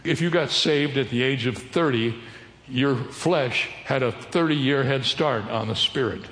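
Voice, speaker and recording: A man's voice: mid-range voice, fairly bright tone. A man preaching a sermon as a pastor, teaching and putting questions to his congregation. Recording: echoey hall with long reverb.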